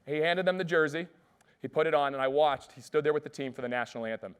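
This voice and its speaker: A man giving an energetic keynote speech, telling stories and asking the audience questions. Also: on the high side, fast talker, clear, resonant tone. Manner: lively, asks the audience questions. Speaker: keynote speaker.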